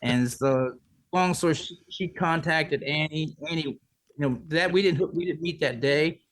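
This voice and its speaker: A man's voice: on the high side, a little slow, low-quality recording. A man in his sixties, a musician guest, telling long rambling stories in a casual interview. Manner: rambling anecdotes, many restarts and "like".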